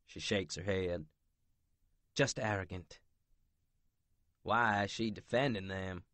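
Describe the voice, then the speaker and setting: A man's voice: lowish voice, fairly bright tone, dry recording. A man narrating a romance audiobook in first person, blunt and brooding, with profanity.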